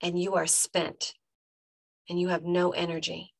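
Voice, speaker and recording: A woman's voice: on the low side, flat delivery, unhurried, vocal fry, husky, no echo. A woman life coach giving a motivational podcast monologue, emphatic and talking straight to the listener, repeating punchy phrases.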